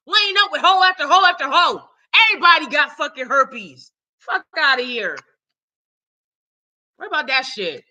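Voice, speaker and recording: A woman hosting her own live stream, ranting loudly and cursing heavily in casual talk. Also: high voice, expressive, moderate pace, low-quality recording. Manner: loud, profane, heated. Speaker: channel host.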